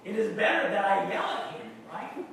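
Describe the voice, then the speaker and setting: A male pastor giving a sermon, speaking slowly and deliberately and putting questions to his congregation. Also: high-pitched, big pitch swings, vocal fry, a bit bright, a little hiss or hum. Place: church hall. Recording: very echoey room, mic far off.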